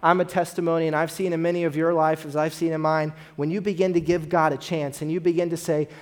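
A man's voice: a little high, flat delivery, quick pace. A man preaching a sermon as pastor, earnest and addressing the congregation with direct questions. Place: church.

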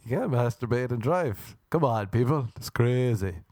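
A man's voice: lowish voice, brisk, hardly any pauses, darkish tone, no room sound. Irish guy doing a solo comedy podcast indoors, rambly and crude, swears a lot, dry close sound. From Ireland. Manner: crude, swearing, jokey tangents and wordplay. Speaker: podcast host. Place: indoors at home by a window.

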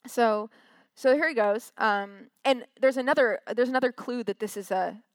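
A woman's voice: a little high, moderate pace, dry recording. A woman giving a casual, chatty sermon from a stage, acting out quotes in little voices. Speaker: preacher.

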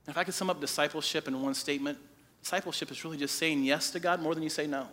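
A pastor in his forties preaching a sermon, telling a personal story with lively quoted dialogue. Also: a little high, racing. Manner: animated storytelling, quoting people in his own voice.

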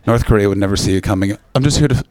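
A man's voice: fairly low pitch, racing, background noise. A man from Canada doing stand-up crowd work, brash and teasing, swearing freely, on a handheld mic. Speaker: stand-up comedian. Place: comedy club stage.

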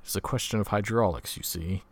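A man's voice: lowish voice, brisk, creaky. A man reading the lines of a shaken, pale young engineer who speaks politely and formally.

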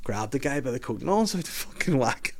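A man's voice: mid-range voice, sing-song, fast. A man telling a story on a podcast. He laughs through it, swears freely and acts out other people's voices when he quotes them. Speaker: comedian guest. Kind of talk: casual storytelling chat. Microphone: podcast microphone.

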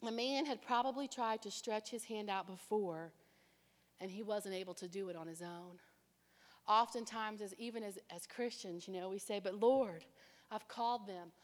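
A woman preaching a sermon, telling her own story with animated delivery and acting out other people's voices. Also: mid-range voice, normal speed. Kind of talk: sermon with personal testimony. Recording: long reverb of a large hall.

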